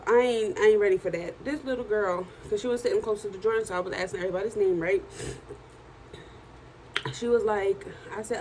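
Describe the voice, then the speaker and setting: Hoarse, tired woman telling her day. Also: mid-range voice, a little fast, a little hiss or hum, rough recording. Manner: chatty, animated storytelling. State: hoarse, worn-out voice. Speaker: vlogger and journal author. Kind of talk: casual video diary.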